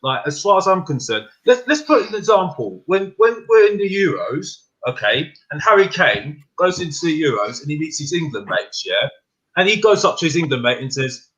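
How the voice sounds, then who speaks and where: A man's voice: on the high side, big pitch swings, normal speed, fairly bright tone, poor audio. A man in a football fan discussion, making his point with an acted-out example. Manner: storytelling, acts out quotes. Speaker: fan panelist.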